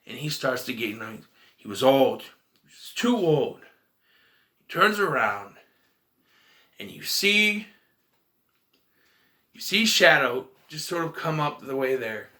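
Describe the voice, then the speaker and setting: A man's voice: mid-range voice, sing-song, slow, long pauses, sharp tone. A man casually reviewing a movie in a vlog, retelling scenes in a rambling, emotional way.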